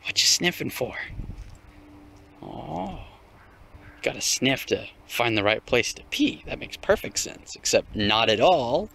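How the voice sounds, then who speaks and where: A man's voice: medium pitch, big pitch swings, slow pace, creaky, sharp tone, a little hiss or hum. A young man ranting casually while walking his dog, swearing often and laughing at it. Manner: profane, mocking, laughs often. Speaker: vlogger. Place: outdoors on a dog walk.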